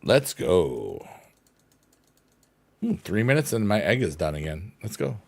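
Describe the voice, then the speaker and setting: A man's voice: fairly low pitch, sing-song, a little fast, gravelly, a little mellow. A man chatting casually while playing a mobile game, rambling and goofy, now and then breaking into silly sing-song. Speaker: gaming streamer.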